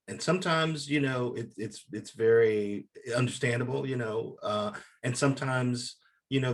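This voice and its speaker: A man who is a TV critic, speaking reflectively on a panel and often restarting his sentences. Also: medium pitch. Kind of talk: panel discussion.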